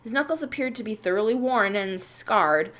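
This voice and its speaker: A woman with a fairly high pitch hosts a let's play, speaking at a normal speed. She reads the narration of a visual novel aloud in an expressive, storytelling way.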